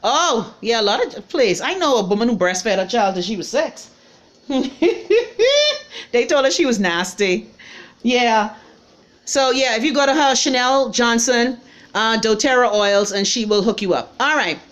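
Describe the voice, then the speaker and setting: Middle-aged woman, Bahamian accent, slightly high voice, blunt and sassy, casual live-stream chat. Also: normal speed, fairly bright tone. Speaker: live-stream host reading viewer comments.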